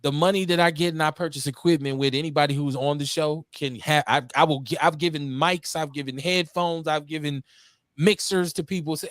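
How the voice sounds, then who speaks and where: A man hosting a community radio talk show, preaching with heat, swinging between loud outbursts and low muttering, and swearing freely. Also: fairly even intonation, a little fast, no echo, clean studio sound. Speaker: host. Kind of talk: impassioned call-in radio talk.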